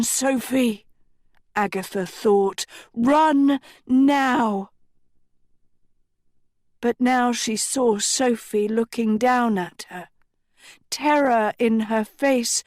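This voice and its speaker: A woman reading a storybook aloud in scripted narration, slow and deliberate. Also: on the high side, dry recording, clean studio sound. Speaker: audiobook reader.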